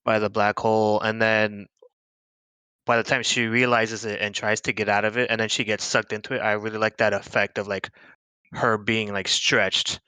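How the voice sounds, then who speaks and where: A man's voice: lowish voice, level tone, moderate pace, bright, forceful tone, clear, resonant tone, no echo. A man co-hosting a movie podcast, eagerly recounting scenes in casual chat. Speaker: podcast co-host.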